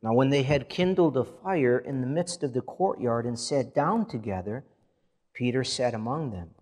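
In an animated sermon at normal speed, a male pastor with a mid-range, somewhat dark voice builds drama as he reads scripture aloud. When the readings stop, he shifts to a simple, sincere way of speaking.

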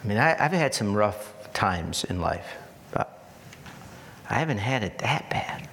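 A man preaching a sermon in an earnest, repetitive style, building to emphatic peaks and dropping to soft asides. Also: on the low side, big pitch swings, a little slow, gravelly, in a large hall, a little hiss or hum. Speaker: pastor.

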